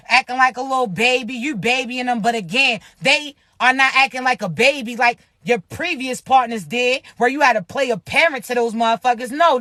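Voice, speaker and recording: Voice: high-pitched, bright, forceful tone, dry recording, clean studio sound. A spiritual advice vlogger giving casual motivational love talk, blunt and profane, often asking the listener if they understand.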